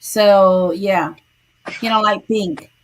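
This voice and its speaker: A woman who is a guest on a livestream, telling a story in casual chat, unhurried and halting. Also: medium pitch, fairly even intonation, heavy background noise.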